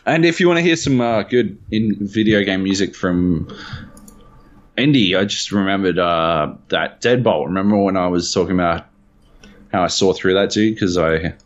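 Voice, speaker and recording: A man's voice: low voice, moderate pace, dull audio. A man co-hosting a podcast in casual chat, swearing freely and teasing. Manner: swears freely, banters and teases. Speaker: podcast co-host.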